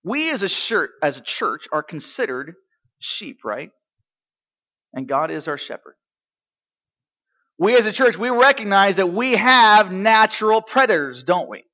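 A man preaching a sermon in church, asking the congregation rhetorical questions and swinging between quiet, low stretches and loud, emphatic ones. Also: big pitch swings, unhurried, long pauses, highs cut off. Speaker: pastor.

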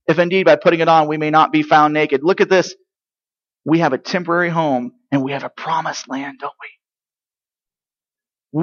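A man preaching a sermon as pastor, swinging between quiet reflection and loud emphatic declarations. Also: on the high side, moderate pace, lo-fi sound.

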